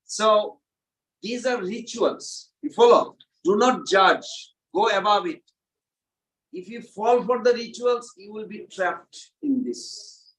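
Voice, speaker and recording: A man teaching a devotional class in a temple, animated and asking the audience questions. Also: sits high, slow, reverberant, distant mic, a little hiss or hum, rough recording. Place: temple hall, indoors.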